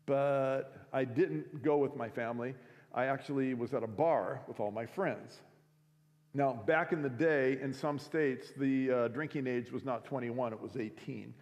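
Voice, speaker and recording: A man's voice: medium pitch, measured pace, darkish tone. A man telling a story in a casual, conversational way, full of fillers, as a speaker at a school week of prayer. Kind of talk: sermon storytelling. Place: school chapel or auditorium. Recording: echoey hall.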